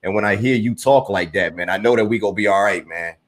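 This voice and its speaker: A man's voice: lowish voice, fast. Admiring male host, rambling. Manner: admiring, rambling, peppered with "man". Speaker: interviewer, host. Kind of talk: casual interview talk.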